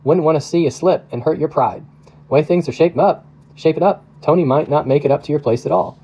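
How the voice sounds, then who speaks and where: A man's voice: fairly high pitch, a little fast, mellow, highs cut off. Teasing small-town postmaster woman with a Midwestern accent, read by a man, folksy and nosy. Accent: Midwestern American. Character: chatty teasing middle-aged woman postmaster.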